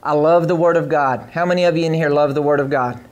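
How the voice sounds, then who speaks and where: A man with a notably high voice delivers a sermon to a church congregation. He reads scripture passages aloud and speaks directly to the people in the sanctuary. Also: steady tone, quick pace, muffled recording. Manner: preaching to a live congregation, reading scripture aloud. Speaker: pastor.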